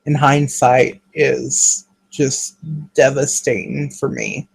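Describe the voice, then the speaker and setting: A man talking in an earnest, halting, emotional way in a confessional vlog monologue, speaking to a webcam. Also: a little high, darkish tone, poor audio. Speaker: vlogger.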